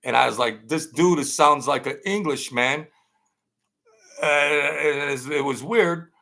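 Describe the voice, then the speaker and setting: A man hosting his own channel, telling a long casual story in a rambling, halting way, full of fillers and restarts. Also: a little high, creaky, bright, forceful tone. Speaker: channel host telling stories.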